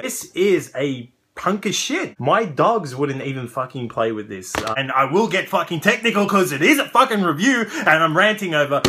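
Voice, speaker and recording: A man's voice: on the high side, a bit bright, slight background noise. An Australian man hosting a toy review vlog, ranting with profanity and exasperation.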